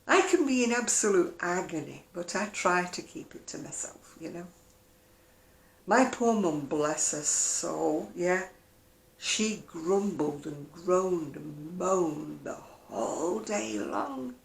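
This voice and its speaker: Chatty woman with a gravelly voice. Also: lowish voice, animated, slow, reverberant. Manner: chatty, wry, mimics other people's voices. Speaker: vlogger. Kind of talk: casual chatty catch-up vlog. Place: at home, indoors.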